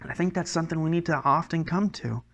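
A man's voice: a little high, fast talker, fairly bright tone. A man preaching a sermon as a pastor, earnest and conversational, often restarting his words.

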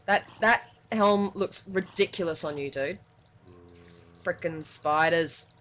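Aussie woman playing a game, slow chatty mutters then big squeals, a little hiss on the mic. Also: mid-range voice. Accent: Australian. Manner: excitable, swings between muttering and yelps. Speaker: gaming channel host. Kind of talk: casual gameplay commentary.

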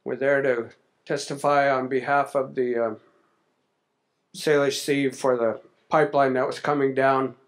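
A man's voice: mid-range voice, level tone, measured pace, long pauses. A man telling a personal story in a conversational way during a public speech. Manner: conversational, anecdotal, with fillers. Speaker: speaker at a salmon summit.

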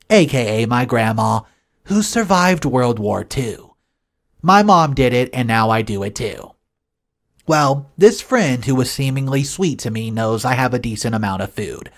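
A storyteller reads an online forum post aloud, the pitch rising and falling a great deal from phrase to phrase. The voice sits in a middle register, and the telling is steady and matter-of-fact. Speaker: story narrator.

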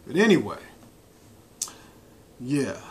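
A man's voice: mid-range voice, very animated, takes it slowly, slight background noise. A man vlogging to his laptop webcam in a dim room, ranting casually about training with blunt slang and constant swearing. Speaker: bodybuilder vlogger. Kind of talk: casual profane rant to camera. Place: indoor room lit by laptop and corner lamp.

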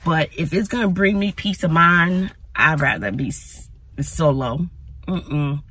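A woman vlogging casually to her phone from her car, chatty and animated, talking to viewers as y'all. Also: sits low, a little slow, slightly rough. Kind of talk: casual vlog talk to camera. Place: in or near her car outdoors in sun.

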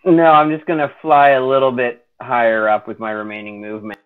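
A man's voice: medium pitch, flat delivery, fairly quick. Self-mocking man player over a tinny line. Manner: self-mocking, hesitant, swears casually. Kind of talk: playing a tabletop game online. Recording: tinny phone-like voice chat line.

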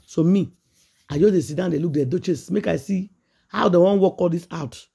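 A man with a Nigerian Pidgin English accent, hosting a gossip channel and retelling a story in excited, repetitive casual commentary. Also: sits high, a little fast, creaky, husky.

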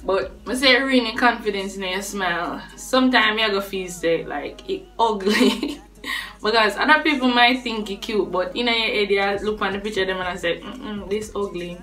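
A woman's voice: mid-range voice, normal speed, pushed and bright, distant mic. A young woman with a Jamaican accent talking casually to camera, chatty and laughing between points. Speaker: vlogger. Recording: voice a bit off-mic with faint music behind.

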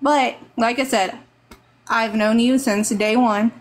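A woman's voice: on the high side, steady tone, slow pace. A woman from Texas with a Texan accent, giving rambling, earnest, motherly advice on a live stream over a phone mic.

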